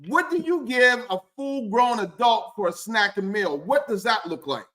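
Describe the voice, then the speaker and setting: A man's voice: high-pitched, lively intonation, normal speed, sharp tone. A man hosting a live stream interview, joking and teasing his guests in playful banter.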